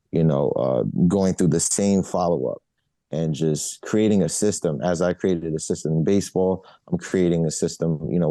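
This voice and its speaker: A man with a very deep, mellow voice talks easily as an interview guest, looping back with "you know" and restarting his sentences. The sound is close and dry. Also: no room sound. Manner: relaxed, repeats "you know" and restarts often. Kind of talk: casual interview answers.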